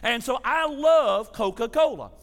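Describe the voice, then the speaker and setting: A man preaching a sermon as a pastor, folksy and animated, with a drawl and chatty asides. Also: very high-pitched, a little slow. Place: church sanctuary. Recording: long hall reverb.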